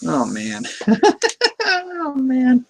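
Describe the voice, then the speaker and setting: A man's voice: mid-range voice, normal speed, a bit bright. A man hosting a podcast, recapping a movie in a casual, rambling way, chuckling often and slipping into quoted lines. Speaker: podcast host.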